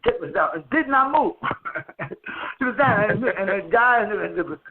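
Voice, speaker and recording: Calling in from a friend's house, a man hosts a loose phone chat, spinning profane stories and laughing frequently. His high voice is expressive and moves at a moderate pace, carried over a tinny line with faint background noise.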